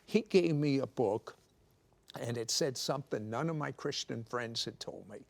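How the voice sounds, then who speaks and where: Gravelly man telling his story. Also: medium pitch, normal speed. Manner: animated storyteller, teasing jokes. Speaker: guest telling his testimony. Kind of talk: conversational testimony. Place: TV studio. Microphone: clip-on microphone.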